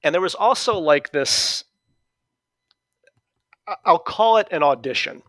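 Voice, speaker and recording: A middle-aged man from New England with a New England accent, a guest calmly telling stories about his past with many fillers and restarts. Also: a little high, measured pace, dry recording. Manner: relaxed storytelling with fillers and restarts. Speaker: interview guest. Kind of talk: conversational reminiscing.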